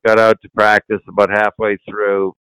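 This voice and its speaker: An older man tells a story in a relaxed, casual way, laughing along and swearing casually as he goes. His voice sits low and comes through smooth and resonant. The sound is dry and close, with no room around it. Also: moderate pace, no echo, poor audio. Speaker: guest, retired hockey player.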